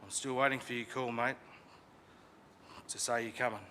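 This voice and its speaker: A man reads a prepared eulogy slowly and steadily from his notes, his voice bright and forward. The chapel adds a long reverb. A faint room hum runs underneath. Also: medium pitch, fairly even intonation. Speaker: funeral eulogy speaker. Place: crematorium chapel.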